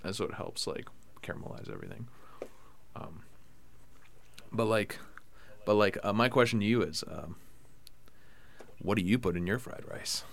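A man with a fairly low voice hosts a podcast, chatting loosely with friends. His talk rambles, full of fillers and light jokes. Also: moderate pace, gravelly, pauses often, a little hiss or hum. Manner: loose and jokey, heavy on fillers like "like". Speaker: podcast host. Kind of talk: casual chat.

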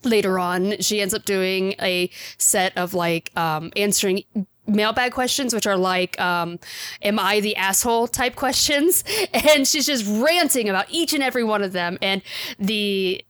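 An enthusiastic woman hosting a podcast, talking in a loose, chatty way full of fillers and frequent laughter. Her voice sits at an everyday middle pitch, recorded close and dry with no room sound. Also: a little slow, fairly bright tone, no room sound. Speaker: podcast host reviewing anime. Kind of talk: casual chat.

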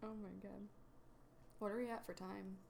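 A woman's voice: mid-range voice, steady tone, moderate pace, gravelly, darkish tone, slight background noise. A woman co-hosting a podcast in casual chat, laughing often and swearing. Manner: giggly, swearing, chatty. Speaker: podcast co-host.

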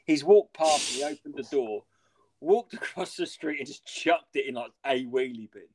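A man's voice: medium pitch, animated, moderate pace, slightly rough. A man hosting a podcast, telling a rambling anecdote in casual chat, swearing freely and using lots of "like". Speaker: podcast host.

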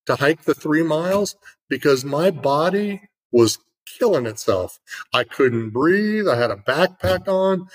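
A man's voice: fairly high pitch, rough recording. A middle-aged man in casual conversation, telling an earnest story with lots of fillers.

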